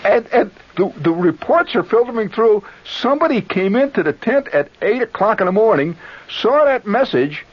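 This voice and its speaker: A man spins a radio story in a high, animated voice full of swings, tossing in sound effects and voices. The audio is a dull, lo-fi 1970s radio broadcast with music running behind him. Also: moderate pace, slight background noise. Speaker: radio monologist. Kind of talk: storytelling monologue.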